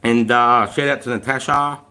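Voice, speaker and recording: An Australian man talks casually to his live-stream viewers from a room at home. His voice sits at an ordinary middle pitch, and his delivery is rambling and laid-back. He swears freely and laughs often as he chats. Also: steady tone, moderate pace, sharp tone, smooth. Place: room at home with a fire going.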